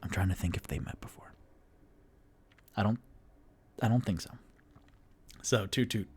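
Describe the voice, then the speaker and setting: A man's voice: fairly low pitch, moderate pace, pauses often, breathy edge. A man narrating a solo tabletop game as game master, meandering with many ums and restarts. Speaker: game master and sole player.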